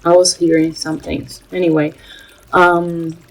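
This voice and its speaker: A woman's voice: lowish voice, flat delivery, rough recording. Earnest woman. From Brazil. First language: Portuguese. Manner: earnest, halting, many filler pauses. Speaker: spiritual channel host. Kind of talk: casual spiritual vlog talk.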